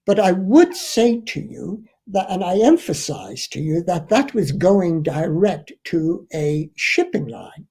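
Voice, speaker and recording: Man teaching, husky and gravelly, slow and mellow, earnest, emphatic. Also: sits high, big pitch swings. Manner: earnest, emphatic, repeats key points. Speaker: shipping trainer. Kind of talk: instructional explanation.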